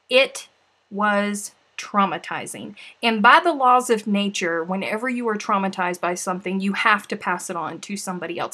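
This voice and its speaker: A woman's voice: mid-range voice, fairly bright tone. A woman hosting a casual crafting livestream, chatty and playful, often sighing and laughing between remarks. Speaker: livestream host.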